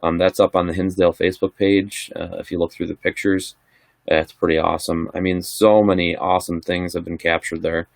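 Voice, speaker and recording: A man's voice: low voice, little pitch movement, a little fast, vocal fry, dry recording, studio quality. A middle-aged man casually chatting on a livestream, answering viewer questions in a rambling, laid-back way. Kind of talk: casual live chat.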